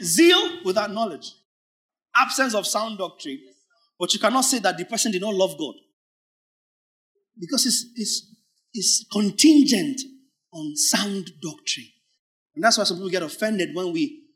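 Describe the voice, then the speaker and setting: A man preaching a sermon, stretching out key words for emphasis and swinging between loud, forceful lines and hushed ones. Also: high voice. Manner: acts out imagined church members in quoted asides.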